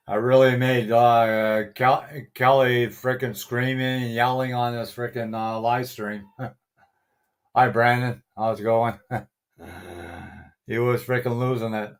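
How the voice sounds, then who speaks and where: A man's voice: medium pitch, level tone, takes it slowly, long pauses. A middle-aged man hosting a casual live stream, greeting viewers by name, chuckling often and swearing mildly. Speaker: livestream host.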